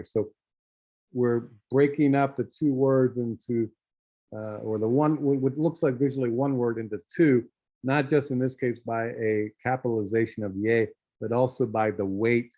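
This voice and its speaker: A man walks a class through design software, talking things out loosely with plenty of ums. His voice sits at an ordinary middle pitch. The recording is dry and slightly muffled. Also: no echo. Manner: relaxed, thinking aloud with many fillers. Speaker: design instructor. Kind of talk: screen-share software tutorial.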